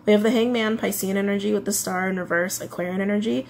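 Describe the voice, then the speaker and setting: A woman's voice: mid-range voice, steady tone, quick pace, creaky, darkish tone, slight background noise. A woman giving a casual tarot reading, chatty, often repeating her phrases. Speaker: tarot reader.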